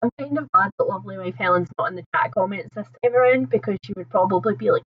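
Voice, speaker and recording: A woman's voice: medium pitch, fast talker, breathy edge, narrow, tinny audio. Chatty laughing woman livestreamer. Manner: chatty, rambling, laughs often. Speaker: livestream host. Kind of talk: casual live chat with viewers.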